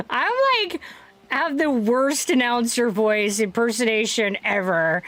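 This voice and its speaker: A woman streaming a video game, chatting casually, animated and prone to giggling. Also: fairly high pitch, takes it slowly. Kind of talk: casual gaming stream chat.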